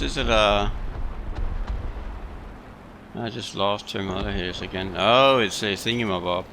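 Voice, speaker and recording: A man giving relaxed, chatty commentary over his own gameplay, amused at what happens on screen. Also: fairly low pitch, a little slow, pauses often, a little hiss or hum. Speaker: gaming video host.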